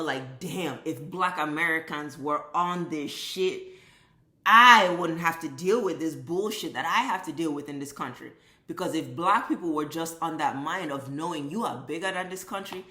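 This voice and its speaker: Woman vlogger, bright forceful voice, profane emphatic rant, echoey room. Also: low voice. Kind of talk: impassioned commentary rant.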